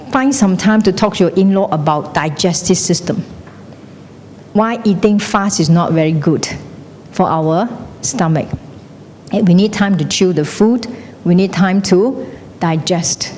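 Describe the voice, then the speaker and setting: Chatty woman teacher in echoey hall. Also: darkish tone. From Malaysia. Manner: chatty, mixes in Chinese phrases, checks in with "okay?". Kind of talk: classroom lecture. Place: classroom hall. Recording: echoey hall with faint rumble.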